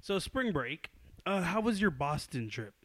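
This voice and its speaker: A young man hosting a casual podcast chat, excitable and swearing often, breaking into loud laughter. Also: high-pitched, measured pace. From New York. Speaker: podcast host.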